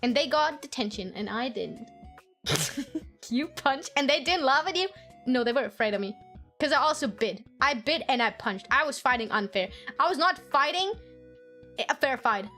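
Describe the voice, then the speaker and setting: A woman with a bright, high voice chats with her stream audience and swaps childhood stories. She curses freely, laughs often and slips into squeaky impressions of her family. Soft music plays underneath. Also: expressive, moderate pace. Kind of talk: casual storytelling chat with viewers.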